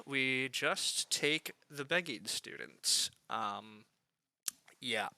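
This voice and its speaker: A man's voice: mid-range voice, expressive, takes it slowly, sharp tone, no echo. A man streaming a board game live, thinking aloud in a chatty way with lots of fillers as he weighs his picks.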